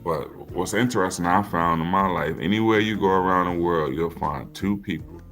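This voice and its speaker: A man's voice: sits low, normal speed, fairly bright tone, soft background music. A man co-hosting a live talk stream, chiming in with laid-back agreement and asides. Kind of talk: casual live stream chat.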